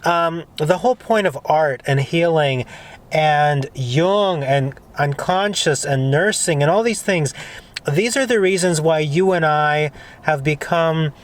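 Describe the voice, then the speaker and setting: A man hosts a casual conversation, talking in an earnest, rambling way with plenty of emphasis. His voice sits fairly high for a man. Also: slow pace. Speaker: host.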